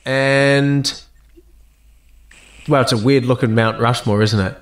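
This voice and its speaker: An Australian man, a guest actor and musician, chatting casually in an interview, telling lively stories, laughing and swearing freely. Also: mid-range voice, slow, a little hiss or hum. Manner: animated storyteller, laughs often, swears casually.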